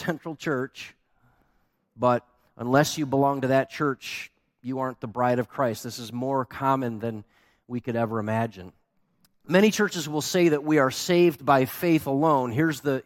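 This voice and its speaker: A man preaching a sermon as pastor, telling a story with lively acted-out quotes. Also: mid-range voice, normal speed, no echo, studio quality.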